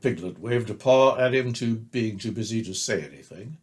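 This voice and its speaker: An older man reading a children's book aloud, narrating slowly and gently. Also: on the low side. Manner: slow, gentle, expressive narration. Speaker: storyteller.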